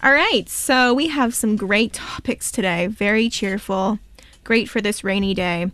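A woman's voice: mid-range voice, measured pace, fairly bright tone, no echo. A young woman hosting a college radio show, chatty and joking in casual talk. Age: young adult.

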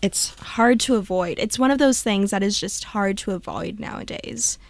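A woman's voice: medium pitch, normal speed, gravelly, dry recording. A young woman co-hosting a student radio show, friendly and earnest, laughing along. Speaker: radio co-host. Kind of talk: casual radio chat.

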